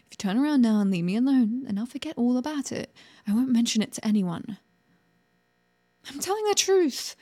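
A woman voicing a sharp-tongued young woman in an adult audio role-play, sarcastic at first, later stammering and pleading. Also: a little high, expressive, fairly quick.

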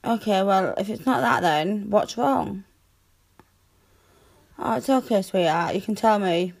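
A young woman in a girlfriend comfort audio role-play, speaking in a soothing, tender, reassuring way with soft hushing. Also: mid-range voice, measured pace.

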